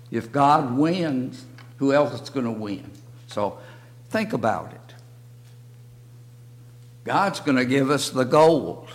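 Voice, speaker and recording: An older man teaching a church Bible lesson in slow, halting short phrases. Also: medium pitch. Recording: long reverb of a hall.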